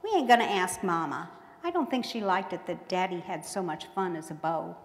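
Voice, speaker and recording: A woman's voice: on the low side, animated, moderate pace. A woman reading aloud, voicing a daring young boy with folksy speech, in an echoey hall. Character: bold young boy, big brother, teasing. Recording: echoey hall with long reverb.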